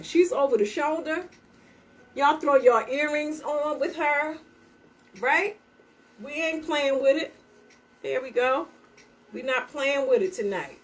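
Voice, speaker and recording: A woman's voice: high voice, far from the mic. A woman selling her handmade bags on a livestream, in a chatty, upbeat way and talking straight to her viewers. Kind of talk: casual live sales pitch.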